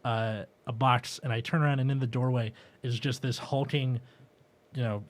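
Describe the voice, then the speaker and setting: A young man hosting a podcast, chatting casually and joking, with quick reactions and frequent laughs. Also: mid-range voice, steady tone. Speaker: podcast host.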